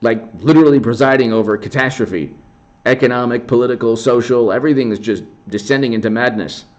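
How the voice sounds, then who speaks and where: A man's voice: mid-range voice, fairly quick, a little mellow, muffled recording. A man giving rambling, sarcastic political commentary on a casual livestream, often restarting his sentences.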